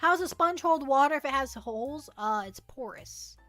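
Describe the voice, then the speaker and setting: On a livestream, a female host answers viewer questions in a loose, rambling chat, frequently repeating herself and making self-deprecating jokes. Her voice is high, expressive and fairly bright, at a moderate pace. Faint music plays behind a dry recording.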